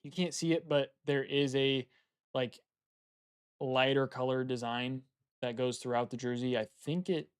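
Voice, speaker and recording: A man's voice: mid-range voice, steady tone, a little slow, smooth, no room sound, clean studio sound. A young man chatting casually on a live stream, thinking aloud and repeating phrases as he weighs his choices.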